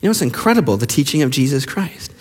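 A male pastor preaching a sermon with passion, firing rhetorical questions and dropping to hushed lines. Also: medium pitch, sing-song, fast talker. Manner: impassioned, with rhetorical questions and sudden hushed drops. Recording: long reverb of a large hall.

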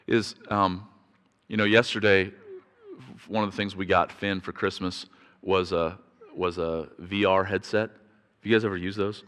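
A man preaching a sermon, telling a family story in a chatty, halting way, with repeated words and restarts, and growing louder when he gets excited. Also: on the low side. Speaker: pastor. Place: church sanctuary. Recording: reverberant church hall.

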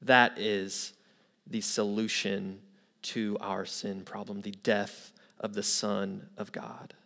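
A man's voice: on the low side, little pitch movement, slow pace, gravelly, a bit bright. Man preaching a sermon with a story. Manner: storytelling with quoted voices, then earnest preaching. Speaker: pastor.

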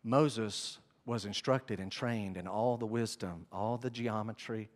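A man preaching a sermon, telling the story with animated swings between hushed and loud. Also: on the low side, unhurried. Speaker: pastor. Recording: long hall reverb.

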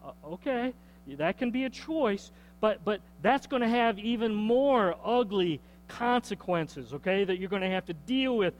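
A man's voice: sits high, animated, unhurried, rough recording. A man preaching a sermon to his church in a conversational way, often checking in with "okay?" and repeating words as he goes. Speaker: pastor.

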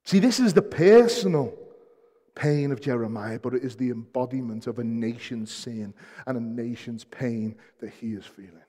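A man preaching a sermon as pastor, shifting between soft, hushed passages and loud, emphatic peaks, repeating key phrases for weight. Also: mid-range voice, fairly even intonation, normal speed. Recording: long hall reverb.

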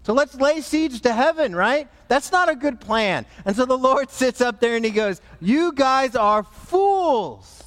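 A man, a pastor, preaching a sermon in an animated, emphatic way. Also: very high voice, normal speed, few pauses, long reverb tail.

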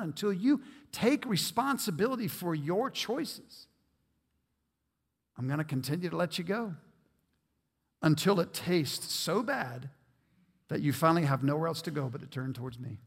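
Male pastor, high voice, earnest emphatic sermon delivery with repeated words, in a church hall with long reverb. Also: animated, moderate pace, breathy edge.

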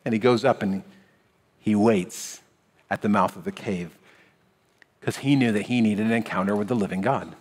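A man preaching a sermon as pastor, in a conversational style that swings between hushed, low moments and animated passages. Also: normal speed, long pauses, in a large hall.

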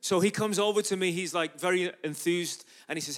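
Pitched high and moving a little fast, the voice of this Irish man barely pauses. A street evangelist preaching as a guest in a church, he shares a storytelling sermon full of lively, acted-out exchanges.

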